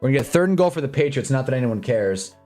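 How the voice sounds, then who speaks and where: A man hosts a live football stream, rambling through casual commentary, reading chat and getting loud and excited over big plays. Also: mid-range voice, fast talker, soft background music.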